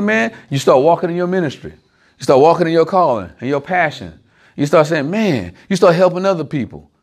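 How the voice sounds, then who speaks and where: Speaking on the high side, this male preacher gives an animated, informal sermon to a few listeners. He addresses them head-on and leans on ordinary, everyday examples.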